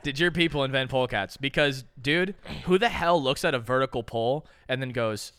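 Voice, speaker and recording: A man's voice: mid-range voice, a little fast, hardly any pauses, a bit bright, clean tone. A young man hosting a podcast, chatting casually with loose, profane, joking banter. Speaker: podcast host. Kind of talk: casual reaction chat.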